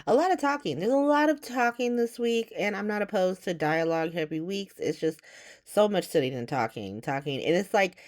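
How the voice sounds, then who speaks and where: A woman's voice: medium pitch, animated, normal speed, darkish tone. A woman hosting a podcast, recapping a soap opera in a blunt, profane, sarcastic way, rambling with fillers and firing off exasperated rhetorical questions. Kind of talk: casual recap chat.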